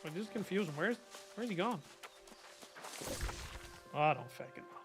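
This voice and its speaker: Irish man, gaming streamer, casual commentary, sarcastic rants, higher voice, faint game music. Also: lively intonation, normal speed. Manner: chatty, ranting, sarcastic.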